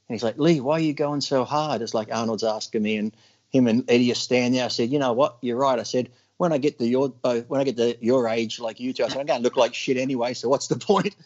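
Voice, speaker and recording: A man swaps stories in relaxed conversation, his middling voice rising into loud bursts whenever he acts out what someone else said. The recording is muffled and lo-fi. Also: mid-range voice. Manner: animated, acts out others' lines in loud bursts. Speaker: podcast guest. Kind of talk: casual storytelling chat.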